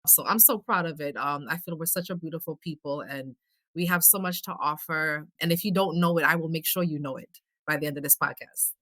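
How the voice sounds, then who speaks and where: A friendly, storytelling woman from Belize talks with an accent that mixes New York and the Caribbean. Her voice sits a little low but comes across bright and forceful. The sound is dry and close. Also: a little fast, no echo. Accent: New York and Caribbean mix. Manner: personable, chatty storyteller. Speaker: guest. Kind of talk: casual podcast chat.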